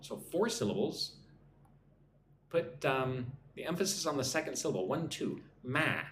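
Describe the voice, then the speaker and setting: A man teaching an English lesson on a live stream, talking slowly and checking in with "right?" after his points. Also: mid-range voice, animated, slight background noise. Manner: slow, repeats points with frequent "right?". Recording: echoey room, faint ambience.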